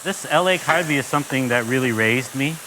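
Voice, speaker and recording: A man's voice: mid-range voice, fairly quick, noisy background. An American man from Los Angeles teaching a casual cooking lesson, talkative and enthusiastic, full of asides. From Los Angeles, United States. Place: kitchen with grill.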